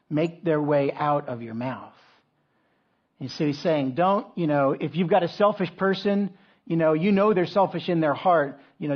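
Husky-voiced man preaching a sermon. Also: on the high side. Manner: conversational, frequent restarts and asides. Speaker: pastor. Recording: dull lo-fi sound.

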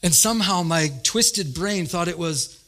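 A man preaching a sermon, telling a personal story with lively retold dialogue and growing excitement. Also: high-pitched, a little slow. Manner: animated, retells dialogue with rising excitement. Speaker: pastor.

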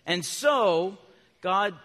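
A man preaching a children's sermon, asking his listeners questions and answering them himself, with animated bursts of loud emphasis. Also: sits high, extremely slow. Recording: long reverb from a large hall.

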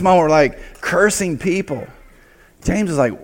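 Animated male pastor in a reverberant hall. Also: mid-range voice, moderate pace. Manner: conversational, animated preaching with acted asides. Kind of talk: sermon. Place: church sanctuary.

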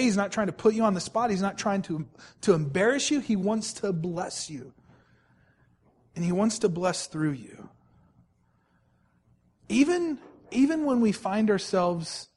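A male pastor delivers a sermon in a notably high voice. He leans on repetition, stretching out important words for emphasis. He keeps turning to the congregation with direct questions. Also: a little mellow, husky. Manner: emphatic, repeats phrases, slows right down to stress key words.

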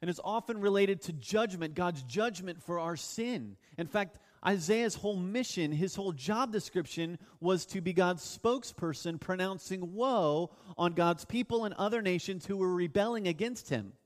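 A man with a high voice preaches an earnest sermon, leaning hard on key words and stretching them out. His voice rings through a church hall with a long, lingering reverb. He speaks as the pastor addressing his congregation. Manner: earnest, emphatic preaching with slow drawn-out stresses.

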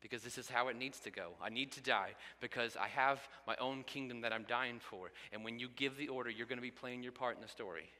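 Forceful preacher in an echoing hall. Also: male voice, mid-range voice, fairly quick, hardly any pauses. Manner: animated, addressing the congregation directly. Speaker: pastor. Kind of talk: sermon.

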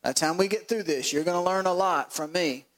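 A man's voice: sits high, a little fast, fairly bright tone. A man voicing a strict male teacher who personifies a storm, speaking in a stern, matter-of-fact way.

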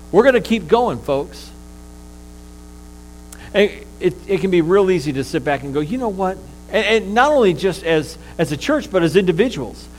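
A man's voice: high-pitched, slight background noise, low-quality recording. A man preaching a sermon as pastor, in a conversational style with frequent fillers and restarts.

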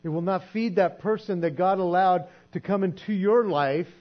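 A man preaching a sermon in a conversational way, sometimes acting out quoted voices and dropping to a soft hush. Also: high voice, moderate pace. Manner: conversational, acts out quoted voices, drops to soft hushed tones. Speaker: pastor. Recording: dull lo-fi sound with mains hum.

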